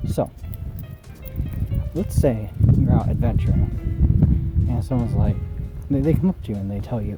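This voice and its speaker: A man's voice: medium pitch, lively intonation, normal speed, pauses often, narrow, tinny audio. A man walking outdoors and rambling through a silly, meandering improvised monologue as a special guest. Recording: loud music playing over the voice.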